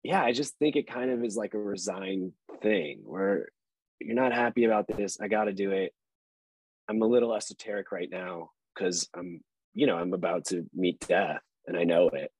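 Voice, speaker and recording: Husky-voiced man telling a rambling story. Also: deep voice, normal speed, a little mellow, no room sound, poor audio. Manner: loose, rambling storytelling with laughs and fillers. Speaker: actor, podcast guest. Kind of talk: casual interview chat.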